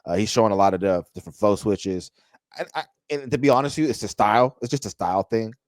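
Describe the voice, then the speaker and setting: Recorded dry, a man with a fairly low voice talks fast as he hosts a laid-back music reaction. He chats loosely and straight to his viewers, with plenty of restarts and hype phrases.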